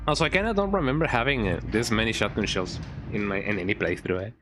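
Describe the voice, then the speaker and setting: A man's voice: lowish voice, expressive, fast talker, fairly bright tone, a little hiss or hum. A man streaming a game with casual, playful commentary. He repeats words in a goofy sing-song and often ends sentences with "eh?". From Mexico. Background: game music.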